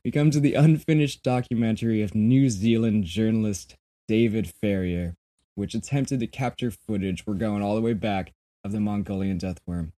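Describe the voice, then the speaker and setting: A man's voice: lowish voice, normal speed, dark tone. A man co-hosting a podcast, reading from sources in a casual chat, laughing often and swearing now and then. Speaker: podcast co-host.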